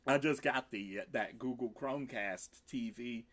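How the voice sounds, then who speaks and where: A man's voice: moderate pace, fairly bright tone. A man hosting a rambling casual livestream, swearing freely and laughing between lines. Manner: swings into high squeaky voice for quoted exclamations. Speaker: livestream host.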